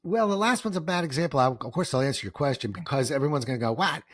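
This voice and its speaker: A middle-aged man, guest on an interview, telling stories in a lively way, acting out quoted voices and getting emotional. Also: medium pitch, very fast, no room sound. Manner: animated, acts out quoted voices, gets emotional. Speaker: guest, author and speaker. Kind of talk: storytelling interview answers.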